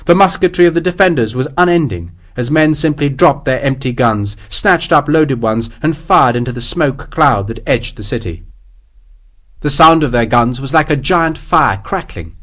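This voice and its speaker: A man's voice: medium pitch, expressive, normal speed, fairly bright tone. A man reading an audiobook as its narrator in a dramatic, vivid way. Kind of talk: scripted narration.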